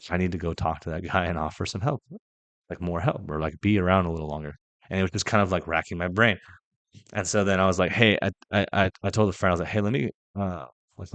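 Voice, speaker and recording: A young man hosting a casual faith podcast monologue, impassioned and blunt, swearing freely and swinging between loud emphasis and quiet asides. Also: low-pitched, dry recording. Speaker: podcast host.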